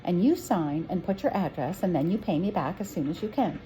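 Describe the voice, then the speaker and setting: A woman's voice: fairly low pitch, animated, brisk, warm tone, slight background noise, natural voice, poor audio. A woman reading aloud from a storybook, voicing a kindly older woman who keeps a sweet shop, with a homely, motherly manner.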